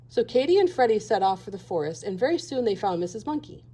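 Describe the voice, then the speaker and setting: Expressive woman reading a children's book. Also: a little high, fast talker, few pauses, husky. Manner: expressive and gentle. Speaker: teacher reading aloud. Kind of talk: children's storybook read-aloud.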